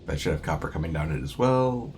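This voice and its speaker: A man's voice: very deep voice, expressive, fast talker, a little mellow, a little hiss or hum. A man streaming a game, rambling in a casual, self-deprecating way with lots of fillers. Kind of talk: casual gameplay commentary.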